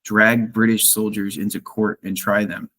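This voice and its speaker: An enthusiastic man talking casually on a podcast panel, often breaking into laughter. His voice sits a bit low. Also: little pitch movement, moderate pace, a bit bright. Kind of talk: casual discussion.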